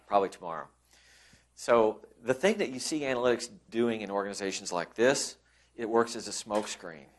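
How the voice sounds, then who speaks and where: This conference presenter has a voice on the low side with a fairly bright tone. He stays conversational, with frequent restarts, and acts out the colleagues he quotes.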